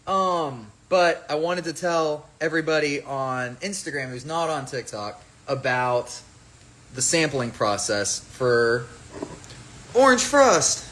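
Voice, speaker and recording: A man's voice: medium pitch, unhurried, a bit bright, a little hiss or hum, poor audio. A man chatting casually on a phone livestream about his own fragrance, rambling and playful as he jumps between topics.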